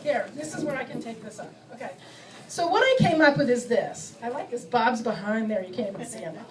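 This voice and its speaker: A middle-aged woman doing a stand-up comedy set, self-mocking and acting out her bits with quick shifts of voice. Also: on the high side, expressive, far from the mic, low-quality recording. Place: comedy club stage before a live audience.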